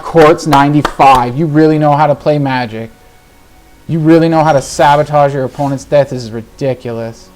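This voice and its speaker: Exasperated man ranting over a card game. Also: mid-range voice. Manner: exasperated ranting, swearing, swings between muttering and shouting. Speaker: gaming video host. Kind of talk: live gameplay commentary.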